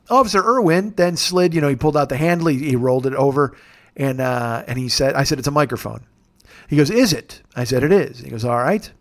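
Profane, sarcastic man hosting a podcast. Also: fairly high pitch. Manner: profane, rambling, sarcastic storytelling. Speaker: podcast host. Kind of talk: casual comedic monologue. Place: rented home, recording on travel.

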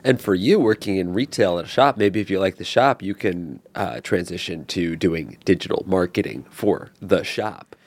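A man co-hosting an advice podcast, talking casually and joking through quick asides. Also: low-pitched. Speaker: podcast co-host.

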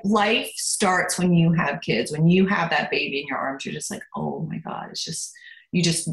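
A middle-aged actress chatting as a podcast guest, animated and quick to laugh, turning soft and quiet when she talks about her children. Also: low-pitched, echoey room, faint music behind, rough recording. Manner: animated, laughs a lot, swings between giddy and soft. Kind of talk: casual interview chat.

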